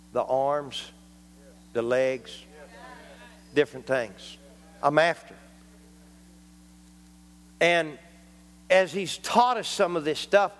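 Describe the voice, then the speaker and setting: A man's voice: on the high side, big-room sound. A man preaching a folksy, joking sermon in a church, dropping frequent amens. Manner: folksy, jokey, punctuated with amens. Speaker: traveling preacher.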